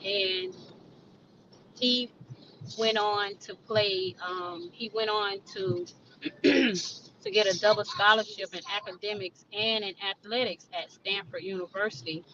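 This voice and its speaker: A middle-aged woman speaking as a panel guest, slow and reflective with many fillers, over a video call. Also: medium pitch, steady tone, bright, forceful tone. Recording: distant lo-fi mic with noise.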